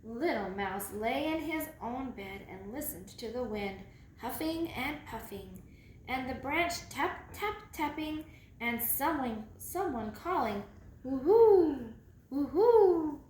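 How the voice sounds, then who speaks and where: A woman reading a children's storybook aloud, slow and dramatic, building suspense. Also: fairly high pitch, lively intonation. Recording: echoey room, faint background noise.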